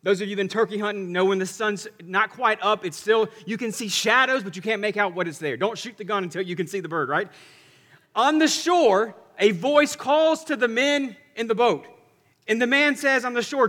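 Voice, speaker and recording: A male pastor preaching a sermon in a church, telling the story in an animated way and swinging between loud and hushed delivery. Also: sits high, fairly quick. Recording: long hall reverb.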